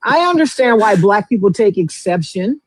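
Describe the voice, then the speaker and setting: A co-host on a casual debate stream, slow and sardonic, with stammered restarts. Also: mid-range voice, expressive, slightly rough, no room sound, rough recording.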